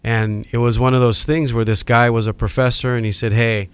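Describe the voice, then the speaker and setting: A middle-aged man from Hawaii with a Hawaiian accent, telling animated stories as a podcast guest. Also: mid-range voice, fairly quick, clean tone. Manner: animated storyteller acting out quoted voices. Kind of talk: storytelling in a podcast interview.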